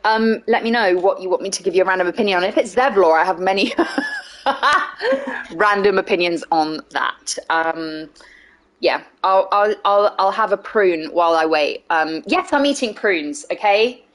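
A woman's voice: medium pitch, expressive, moderate pace, a bit bright. A young woman chatting casually on a game live stream, playful, laughing often and swearing freely. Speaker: streamer playing a video game.

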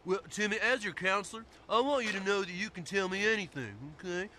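A man voicing a mild, slow-witted school counselor in a cartoon, calm and hesitant. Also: sits high, slight background noise. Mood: patient. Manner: calm, hesitant, a little confused. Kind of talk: TV cartoon acting.

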